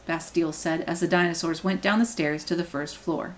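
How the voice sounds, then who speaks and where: A woman reading a children's novel aloud, expressive and playful. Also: lowish voice, a little fast, slight background noise. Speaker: reader.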